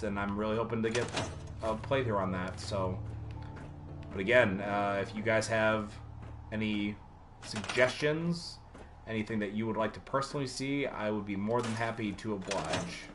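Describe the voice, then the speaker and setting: A man streaming a video game live, chatting casually and rambling with many fillers while answering viewers. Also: on the low side.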